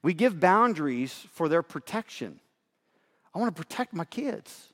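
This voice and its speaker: A man's voice: a little high, sing-song, normal speed, a bit bright. A middle-aged man preaching a sermon as pastor, earnest and emphatic, often checking in with his listeners. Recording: long hall reverb.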